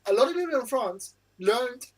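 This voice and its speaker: Mid-pitched panelist, eager to jump in. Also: lively intonation, normal speed, poor audio. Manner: enthusiastic, jumps in with new topics. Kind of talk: casual panel chat.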